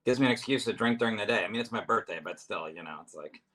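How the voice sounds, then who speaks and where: A man's voice: on the low side, fast talker, bright, forceful tone. A man, a comedian guest in a casual chat, talking in a rambling, self-deprecating way with lots of restarts. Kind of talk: casual chat over drinks.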